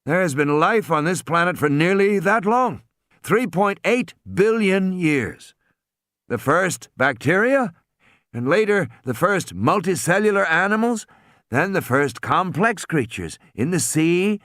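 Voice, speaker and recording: A man's voice: high-pitched, big pitch swings, measured pace, a bit bright, no room sound, studio quality, voice pushed up, exaggerated voice. A man doing a scornful weary lecturer.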